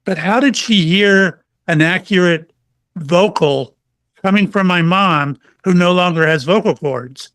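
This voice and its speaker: A man's voice: sits high, measured pace, dry recording. A middle-aged man, a psychic medium guest, telling stories in a casual interview and acting out the quotes. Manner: animated storyteller, acts out quotes.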